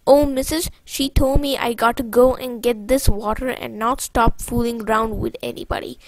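A woman voicing a timid young boy servant who talks in a slow, hesitant Southern dialect in a storybook reading. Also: fairly high pitch, no room sound, rough recording. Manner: hesitant, drawn-out dialect speech.

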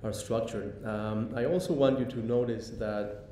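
Halting lecturer in an echoey hall. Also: male voice, dark tone. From Mexico. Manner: halting, many ums and restarts. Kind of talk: public lecture. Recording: echoey hall, faint rumble.

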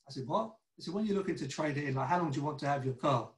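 A man teaching a congregation in a loose, conversational way, with a slightly raised pitch. He often stammers and restarts, and slips into acted-out dialogue. The room around him is echoey. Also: expressive, racing, hardly any pauses. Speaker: church teacher. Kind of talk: informal sermon over a video call.

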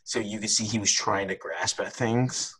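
A man with a low, husky voice talks through a podcast in loose, rambling casual chat. He trips over his words and restarts often, with plenty of fillers. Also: fairly even intonation, normal speed, a bit bright. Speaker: podcast co-host.

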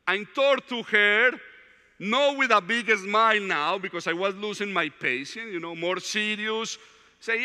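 Guy preaching a testimony in a big hall, high bright voice, long echo. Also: unhurried, clear, resonant tone. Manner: heartfelt storytelling, plain non-native English. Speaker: retreat speaker. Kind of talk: testimony talk.

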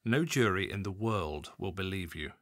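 A controlled police detective in an audiobook, as a male narrator plays him, pressing his questions in a firm, level voice. The reader's delivery still moves with lively pitch, recorded close and dry. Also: moderate pace, no room sound.

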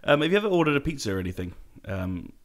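A man hosting a casual interview, asking questions in a hesitant, relaxed way. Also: mid-range voice, racing. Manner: hesitant, many fillers, relaxed. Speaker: interviewer host.

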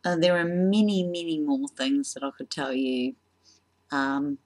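A woman doing a casual comedy vlog, self-deprecating and halting with frequent ums. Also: sits low, fairly even intonation, a little mellow. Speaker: vlogger.

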